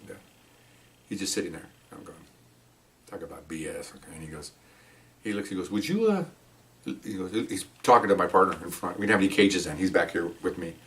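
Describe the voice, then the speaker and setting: An older retired cop tells a story at a brisk clip, acting out each moment as he talks. He sounds a bit away from the mic, with some room around his voice. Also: low voice, distant mic. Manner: animated, acts out the scene with gestures. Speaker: retired police officer. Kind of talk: telling a personal story.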